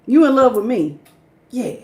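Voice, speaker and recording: Animated laughing woman tarot reader. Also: high-pitched, normal speed. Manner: animated, laughing, slangy, acts out quotes. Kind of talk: live tarot reading stream.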